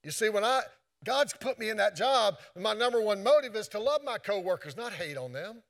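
A man's voice: high voice, expressive, a little fast, creaky, fairly bright tone. A man preaching a sermon in an earnest, repetitive way, quoting scripture often.

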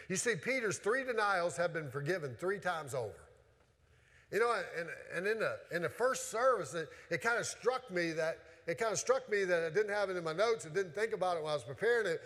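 A man preaching a sermon from the pulpit, earnest and searching, circling back on his words with questions for the congregation. His voice sits a little high for a man and rings out through a church with a long, lingering reverb. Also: sing-song, fairly quick, a bit bright. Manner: earnest, with frequent restarts and rhetorical questions. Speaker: pastor. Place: church sanctuary.

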